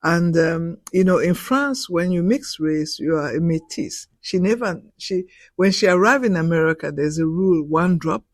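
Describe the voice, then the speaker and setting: A woman's voice: fairly low pitch, animated, moderate pace, dry recording. A woman in her sixties, a professor interviewed as a guest, telling personal stories with heartfelt emotion, close to tears and stumbling over repeated words. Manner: heartfelt, restarts and repeats words when moved. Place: indoor radio studio.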